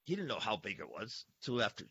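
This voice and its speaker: A man's voice: fairly low pitch, very animated, fast talker, creaky, sharp tone, slightly rough. A man hosting a podcast, telling stories animatedly and calling listeners "folks". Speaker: podcast host. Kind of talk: casual podcast conversation. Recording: dull lo-fi sound, dry.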